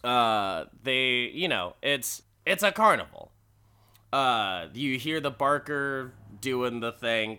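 A man's voice: medium pitch, lively intonation, takes it slowly, sharp tone, clean tone. A man casually and crudely recapping a story, rambling and laughing at his own jokes. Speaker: podcast host recapping an episode.

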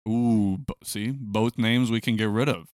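Unhurried man co-hosting a sports podcast. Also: lowish voice, steady tone, darkish tone, no room sound, clean studio sound. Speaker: podcast co-host. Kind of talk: casual sports chat.

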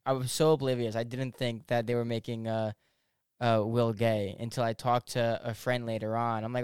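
A man's voice: medium pitch, clear, resonant tone, dry recording, clean studio sound. A man hosting a casual podcast chat, talking animatedly and swearing freely. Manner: animated, swearing, quick laughs. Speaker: podcast host.

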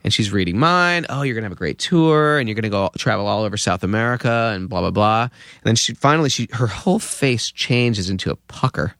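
Gravelly man spinning a lively yarn. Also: on the low side, a little fast, no echo, clean studio sound. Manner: lively storyteller acting out quoted voices. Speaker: podcast guest. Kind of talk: anecdotal storytelling.

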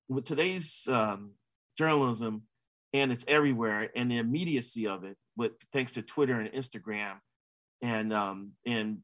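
Male columnist guest from Minnesota, bright tense tone, mid pitch, easygoing with fillers. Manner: thoughtful, many fillers like "you know". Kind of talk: casual interview.

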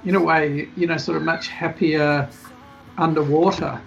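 A man's voice: fairly high pitch, fairly even intonation, normal speed, vocal fry, a little hiss or hum. A male film director guest, talking casually and rambling with many restarts in a podcast interview. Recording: dull lo-fi podcast audio.

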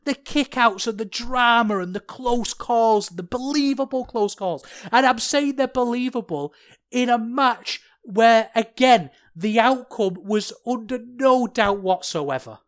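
A man hosting a solo podcast, talking in an animated, ranting way that swings from worked-up to sheepish. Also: extremely high pitch, a little slow. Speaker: podcast host.

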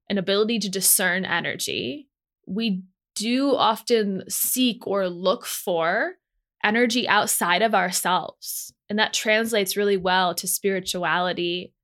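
A woman's voice: mid-range voice, fairly bright tone. A young adult woman hosting a podcast, talking in an earnest, affirming way with emphatic declarations. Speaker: podcast host. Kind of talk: motivational podcast monologue.

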